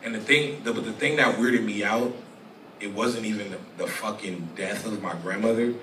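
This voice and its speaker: A young man telling a personal story as a guest in a live interview, rambling and profane with halting restarts. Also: fairly low pitch, fairly even intonation, background noise. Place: live venue stage. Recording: echoey room, distant mic, audience ambience.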